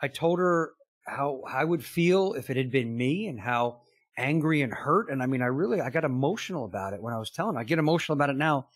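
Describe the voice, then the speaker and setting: A middle-aged man speaks as a business coach being interviewed, earnest and conversational, acting out quoted lines as he tells his stories. His voice sits in an ordinary middle pitch. The sound is dry, with no room echo. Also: expressive, fast talker. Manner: earnest, storytelling with quoted dialogue and frequent "you know".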